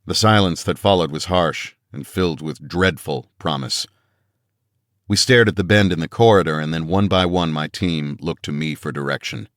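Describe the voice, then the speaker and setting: A man's voice: sits low, normal speed, a bit bright, no echo, clean studio sound. A man reading a first-person action audiobook in a tense, dramatic storytelling manner. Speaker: audiobook narrator. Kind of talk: first-person scripted narration.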